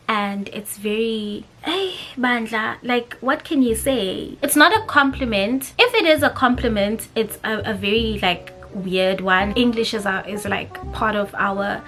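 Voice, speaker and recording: A young South African woman with a South African accent, chatting casually to camera and slipping between English and isiZulu mid-sentence. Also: fairly high pitch. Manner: animated, expressive, switching languages mid-sentence. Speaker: vlogger. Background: background music.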